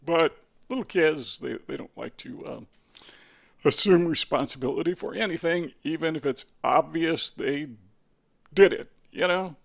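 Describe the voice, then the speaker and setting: A man's voice: on the high side, a little slow, gravelly. A man talking casually to camera in a musing way, asking rhetorical questions with a dry sense of humor. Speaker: video host. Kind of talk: casual spoken monologue.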